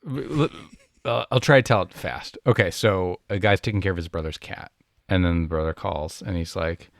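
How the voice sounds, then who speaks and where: A man's voice: sits low, brisk, dry recording, clean studio sound. A man co-hosting a casual sports podcast, making wry, teasing remarks and telling a joke. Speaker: podcast co-host. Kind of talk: casual chat.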